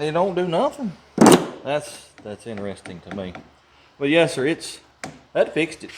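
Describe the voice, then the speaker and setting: A man's voice: mid-range voice, a little hiss or hum. A man hosting a garage channel, talking folksy and casual while he works, chuckling and grumbling about how things are built.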